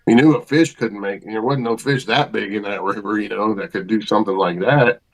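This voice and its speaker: A man with a fairly low voice spins a story in plain, folksy speech. He talks casually, as a guest on a chat show, and piles on colloquial phrasing and lively detail. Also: a little fast, poor audio. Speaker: podcast guest.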